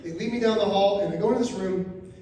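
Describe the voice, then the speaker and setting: Male stand-up comic, animated storytelling, acts out voices, booming echoey room, distant mic. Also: quick pace, slight background noise. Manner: animated, acts out characters, rising to shouts. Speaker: stand-up comedian.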